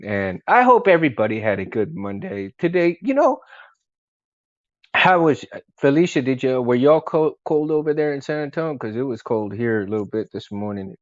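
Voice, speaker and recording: A man's voice: medium pitch, big pitch swings, moderate pace, no room sound. Casual male home vlogger, filler-heavy, chuckling; dry, muffled handheld audio. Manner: rambling, laughing, many fillers. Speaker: vlogger and collector. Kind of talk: casual chat to camera. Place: room at home. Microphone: camera handheld while walking.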